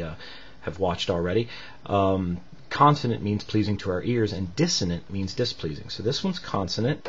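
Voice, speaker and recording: A man's voice: on the low side, highs cut off. A man teaching a recorded music lesson, explaining patiently with many fillers between demonstrations.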